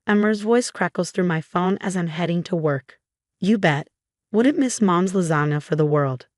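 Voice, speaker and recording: A woman's voice: lowish voice, moderate pace, darkish tone, no room sound, studio quality. A woman narrating a first-person drama story, reading every character's lines in her own voice.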